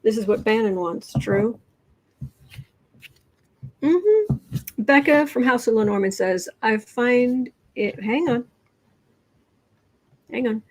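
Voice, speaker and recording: A woman hosting a casual tarot livestream, chatting in quick asides and reading out viewer comments. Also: a little high, animated. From Midwestern United States.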